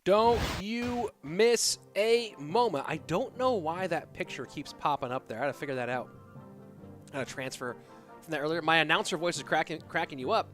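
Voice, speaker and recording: A man's voice: fairly high pitch, animated, quick pace, bright, forceful tone, faint music behind. A man hosting an esports live stream, chatting in a laid-back, joking way. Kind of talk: casual live-stream commentary.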